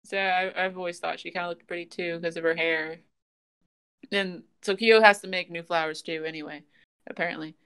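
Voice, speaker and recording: A woman hosting a casual podcast, retelling scenes in an animated way and laughing often. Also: lowish voice, fairly quick, clean tone. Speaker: podcast host. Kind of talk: casual chat, recapping an anime.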